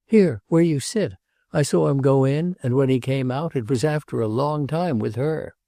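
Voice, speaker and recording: A man's voice: mid-range voice, moderate pace, vocal fry, mellow, no echo, clean studio sound, pitched above the performer's own voice, natural voice. A man voicing an agitated, jealous nobleman who pleads and repeats himself, in an audiobook.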